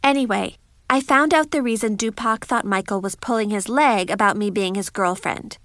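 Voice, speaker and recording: A woman's voice: mid-range voice, moderate pace, fairly bright tone, no echo, studio quality. A woman narrating a first-person story in a chatty, wry diary style.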